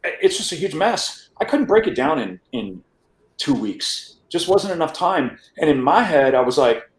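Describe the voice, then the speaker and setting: A man's voice: a little high, very animated, normal speed, reverberant. A man guest on a podcast, telling his life story in a rambling casual way, often restarting words and checking in with "right?". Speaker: interview guest.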